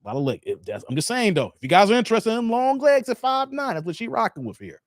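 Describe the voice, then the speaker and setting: A man hosting a livestream, reacting to a clip with laughing, animated commentary and thanking viewers for donations. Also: sits high, quick pace, no echo, clean studio sound. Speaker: channel host reacting to a clip.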